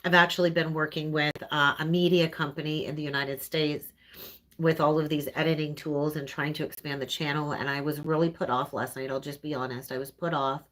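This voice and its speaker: A woman's voice: low voice, fairly even intonation, a little fast, fairly bright tone. A woman with a Canadian accent giving an earnest, conversational live-streamed tarot reading and often checking in with "right?". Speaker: tarot reader.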